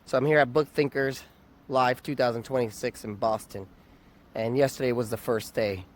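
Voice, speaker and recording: A worn-out man getting over a cold tells a candid, reflective personal story in a casual vlog, laughing at himself along the way. His mid-range voice is steady, at a moderate pace. He's outdoors near a convention area, with faint traffic noise behind him.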